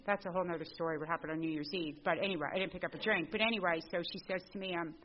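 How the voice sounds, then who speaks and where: A middle-aged woman telling her recovery story to a group. She is a lively storyteller who acts out the dialogue. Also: on the low side, rapid-fire, slight background noise. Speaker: speaker at a recovery meeting. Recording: dull lo-fi recording.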